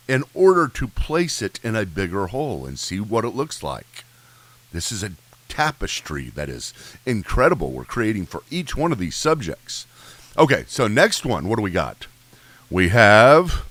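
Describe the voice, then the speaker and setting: A man's voice: lowish voice, no room sound. A man giving an informal theology lesson, joking and talking straight to his listeners. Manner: lively, joking, talks to listeners directly. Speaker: theology teacher.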